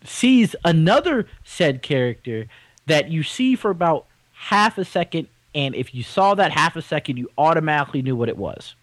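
A man co-hosting a casual podcast, talking in an animated, rambling and opinionated way. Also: fairly high pitch, normal speed, no echo, rough recording. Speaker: podcast co-host. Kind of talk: casual chat.

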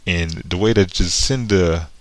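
Deep-voiced sarcastic man. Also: unhurried, poor audio. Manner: sarcastic, laughing between lines. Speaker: comic book reviewer. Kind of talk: casual rambling retelling.

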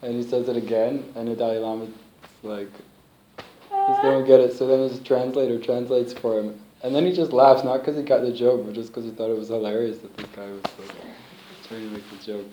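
A man giving an informal talk to a small group, telling stories in a relaxed way and laughing often. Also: medium pitch, a little fast, dull audio. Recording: roomy, faint background hiss.

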